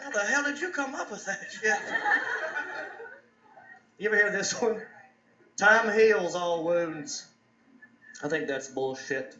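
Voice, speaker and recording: A man's voice: high voice, sing-song, moderate pace, pauses often, noisy background. A man doing a stand-up comedy set on a club stage, telling stories and laughing along. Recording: roomy, dull club recording.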